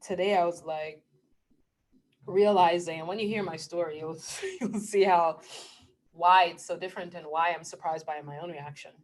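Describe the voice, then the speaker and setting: Middle-aged woman vlogging, lowish voice, earnest and emotional, laughs a lot, sometimes goes quiet and hushed. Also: steady tone, normal speed. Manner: earnest, emotional, laughs often while talking. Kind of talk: casual spiritual talk to camera.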